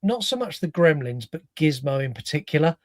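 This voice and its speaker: Animated man with a higher voice, dry mic. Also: fairly quick, dry recording. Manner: animated storyteller, acts out reactions. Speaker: podcast co-host. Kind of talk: casual film chat.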